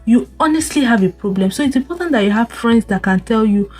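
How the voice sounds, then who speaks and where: Husky woman lecturing viewers. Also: on the high side, expressive, fast talker, darkish tone, soft background music. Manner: scolding rhetorical questions, repeats words, frequent laughs. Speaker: vlogger. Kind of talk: casual advice monologue to camera.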